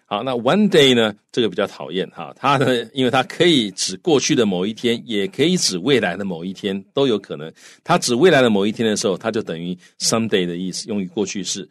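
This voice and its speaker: A man's voice: on the low side, animated, quick pace, hardly any pauses, no echo, clean studio sound. A man co-hosting a language lesson, explaining in a chatty way with lots of filler particles. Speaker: co-host explaining in Mandarin.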